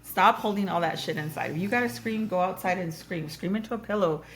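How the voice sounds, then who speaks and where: A woman's voice: fairly low pitch, a little fast. A woman hosting a podcast, talking frankly in casual chat and laughing often as she tells stories. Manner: frank, laughing, animated storytelling. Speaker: podcast host.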